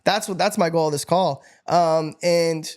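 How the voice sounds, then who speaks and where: A young man from upstate New York telling stories as a guest in a casual interview, energetic and animated, laughing and swearing freely. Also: a little high, measured pace. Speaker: podcast guest.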